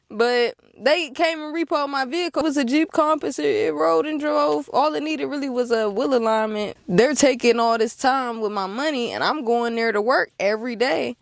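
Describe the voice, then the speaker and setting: A woman's voice: high voice, dry recording, clean studio sound. A young woman, telling a story to camera casually and laughing often. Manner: animated, laughs often, acts out quotes. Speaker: car dealer and vlogger.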